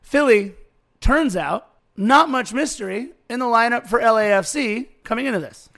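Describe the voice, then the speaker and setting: Male podcast co-host, high voice with vocal fry, calm, dry match recap. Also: moderate pace. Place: studio.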